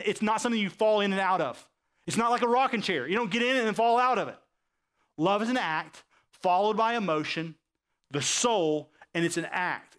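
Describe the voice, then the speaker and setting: A male pastor preaching a sermon, acting out quoted characters and often asking his congregation if they understand. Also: high-pitched. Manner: animated preaching, acts out quoted voices, asks the audience questions.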